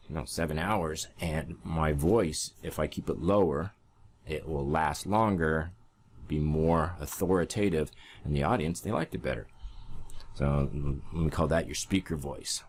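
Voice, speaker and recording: Deep-voiced male speaking coach, emphatic and instructive, faint noise underneath. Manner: coaching, emphatic, demonstrates voice changes. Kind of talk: instructional talk.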